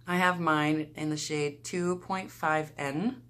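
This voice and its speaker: A young woman talks her viewers through a get-ready-with-me makeup routine in a relaxed, chatty way. Her voice sits a little low and she takes her time between phrases. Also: slow pace. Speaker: beauty vlogger. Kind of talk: casual get-ready-with-me talk.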